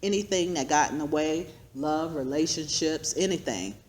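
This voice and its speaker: A woman's voice: sits low, normal speed, a little mellow, slight background noise. Earnest woman giving a preacherly testimony. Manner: earnest, preacherly, laughs often. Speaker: guest speaker. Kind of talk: personal testimony talk.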